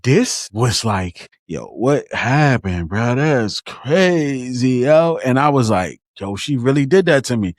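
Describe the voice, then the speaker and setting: A man's voice: mid-range voice, slow, hardly any pauses, no room sound, studio quality. A man co-hosting a podcast, chatting casually about a book and acting out his own reactions as he tells them. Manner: expressive storyteller, acts out his own reactions. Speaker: podcast co-host.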